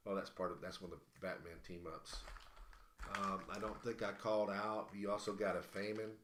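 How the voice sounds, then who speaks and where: A man's voice: low voice, flat delivery, a little fast, reverberant, background noise. A man hosting a live stream, calling out a long list of collectible cards in a rambling, casual way with many fillers and restarts. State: out of breath. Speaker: livestream host.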